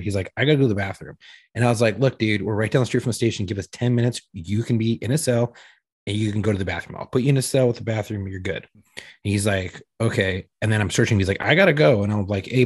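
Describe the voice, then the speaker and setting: A man's voice: on the low side, husky, no echo. A man, a police officer, telling a profane story in casual chat and acting out the quotes with animation.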